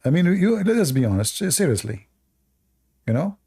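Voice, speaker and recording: A man's voice: fairly high pitch, big pitch swings, moderate pace, gravelly, dark tone, husky. A man with a non-native English accent hosting a livestream and giving sarcastic, mocking commentary. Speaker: livestream debate host.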